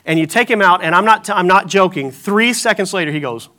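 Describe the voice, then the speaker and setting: A man preaching a sermon as pastor, telling animated stories with self-deprecating humor. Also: high voice, fairly quick.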